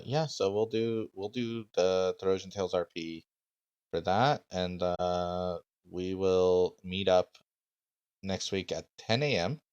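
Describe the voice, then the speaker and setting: A man with a very deep voice runs a tabletop game on his stream. He speaks slowly and haltingly, filling pauses with ums and uhs, on a dry, close mic. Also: darkish tone, smooth, dry recording, dull audio. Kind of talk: casual game mastering on stream.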